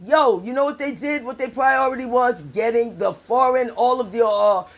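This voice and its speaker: Pitched on the high side and speaking at a moderate pace, a middle-aged New Yorker unleashes an angry, profanity-laced political rant. The vlogger keeps repeating herself for emphasis and talks to her viewers as y'all.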